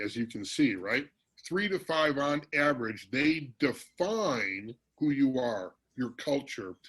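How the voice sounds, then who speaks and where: A man presenting a business workshop in a virtual meeting, energetic and teasing, calling on audience members by name. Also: medium pitch, husky, poor audio.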